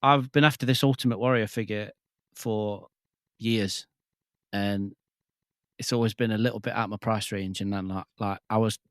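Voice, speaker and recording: Excitable man in his forties. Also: fairly low pitch, normal speed, no room sound, clean studio sound. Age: 40s. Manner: excitable, swears freely. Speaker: podcast guest. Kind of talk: casual chat.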